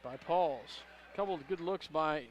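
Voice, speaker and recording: A man announcing a high school basketball game play-by-play, calling passes quickly and rising on big plays. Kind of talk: local radio basketball commentary.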